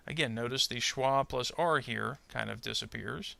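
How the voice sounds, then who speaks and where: A man teaching English pronunciation, speaking slowly and deliberately and saying each example word twice. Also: medium pitch, animated, gravelly, pushed and bright, no echo. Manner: slow, deliberate, models example words twice. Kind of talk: instructional narration.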